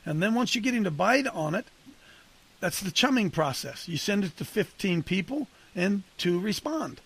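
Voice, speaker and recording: A man with a gravelly, somewhat husky voice leads a men's group like a casual preacher. He talks conversationally and punchily, turning to listeners by name. His pitch sits a little high for a man. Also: big pitch swings, moderate pace, a bit bright. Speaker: coach leading a men's ministry group.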